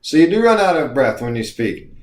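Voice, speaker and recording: A man's voice: fairly high pitch, very animated, fairly quick, reverberant. A man coaching viewers through breathing exercises in an encouraging, instructional way. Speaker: speaking coach. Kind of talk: instructional video lesson.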